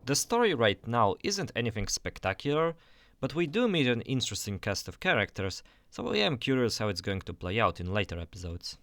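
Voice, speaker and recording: A man's voice: medium pitch, sing-song, fairly quick, a bit bright, no echo. A young man narrating a scripted game review voice-over in an enthusiastic, conversational way.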